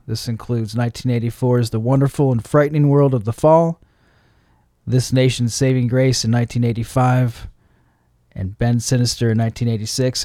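A man hosting a radio show, giving casual commentary between songs with joking asides and quick self-corrections. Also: mid-range voice, mellow, no room sound, clean studio sound. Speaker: radio host.

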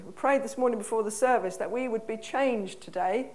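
Woman, English accent, preacher, higher-pitched voice, earnest conversational sermon. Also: brisk, darkish tone. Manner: earnest, conversational, asks the congregation questions. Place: church hall.

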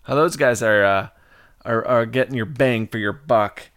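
A man hosting a casual podcast in an animated, jokey way. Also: medium pitch, normal speed, background noise. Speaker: podcast host. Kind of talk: casual betting-podcast talk.

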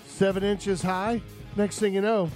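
High-voiced joking radio host man. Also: little pitch movement, measured pace, darkish tone, soft background music. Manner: loose, joking, rambling with fillers. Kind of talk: casual radio chat.

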